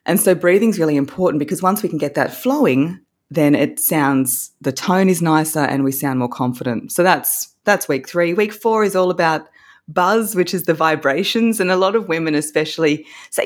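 A woman's voice: low voice, lively intonation, normal speed. A woman, a voice coach, explaining her course in an upbeat, instructive way as an interview guest. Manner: upbeat, instructive, demonstrates vocal techniques.

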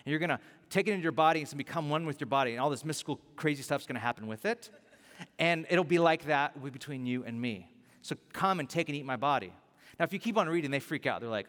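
A man delivers a sermon in a lively, emphatic preaching style, leaning on repeated phrases. His voice sits a little high. The sound carries the long reverb of a large church hall. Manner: animated, emphatic preaching with repetition. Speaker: pastor.

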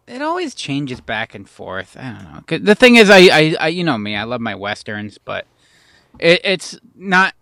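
A man chatting on a podcast in a halting way, often repeating words while he works out his point. His voice is bright and smooth, with a resonant clarity. The recording is dry and close. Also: mid-range voice, no room sound. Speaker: podcast co-host. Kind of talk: casual chat.

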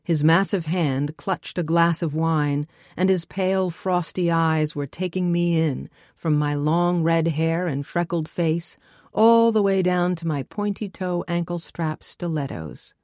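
A woman reading a first-person novel aloud as an audiobook narrator, wry and brisk. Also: on the low side, a little mellow, no echo, clean studio sound.

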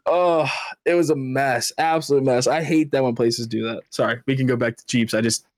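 A young man chatting casually on a podcast, telling animated stories full of laughter and swearing. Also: medium pitch, moderate pace. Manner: animated storyteller, swearing, laughing, going on tangents. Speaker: podcast co-host. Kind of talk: casual chat.

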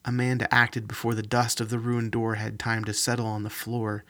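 A man narrating a fantasy novel in a steady, even reading. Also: on the low side, moderate pace. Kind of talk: audiobook reading.

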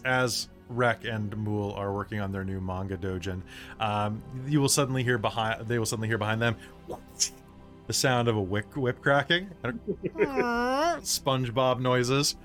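A man's voice: lowish voice, normal speed, fairly bright tone, soft background music. A man running a live tabletop game as game master, rambling with lots of restarts. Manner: rambling, full of restarts and fillers.

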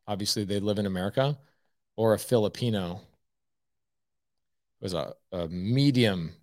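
A man's voice: lowish voice, dry recording, clean studio sound. A man hosting a live stream, giving blunt, emphatic coaching advice and saying "okay" often. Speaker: host.

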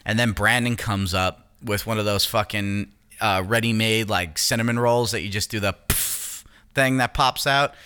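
A man's voice: fairly low pitch, clean tone. A man co-hosting a casual podcast, telling a profane story and acting out other people's lines. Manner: profane, animated, acts out quotes. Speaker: podcast co-host.

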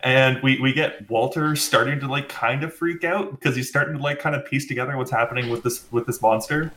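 A man's voice: medium pitch, brisk, a bit bright. Easygoing man hosting a podcast. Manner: laughing, easygoing, steers the talk. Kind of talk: casual podcast chat.

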